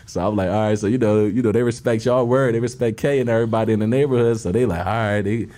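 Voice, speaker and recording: A man co-hosting a podcast, chatting in slang and cutting in with quick remarks. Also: on the low side, fairly even intonation, dark tone. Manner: slangy, quick back-and-forth, interjects. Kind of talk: casual chat.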